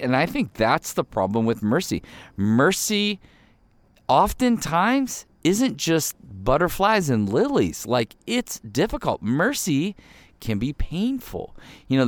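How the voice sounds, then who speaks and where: A man's voice: lowish voice, no echo. A man hosting a devotional podcast, speaking earnestly and with emphasis, his voice jumping up on key words.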